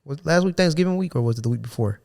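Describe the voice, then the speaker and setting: A man's voice: fairly high pitch, animated, very fast, creaky, darkish tone. A young man hosting a podcast, telling a work story in loose slang and acting out his coworkers' lines. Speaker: podcast host. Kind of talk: casual storytelling chat.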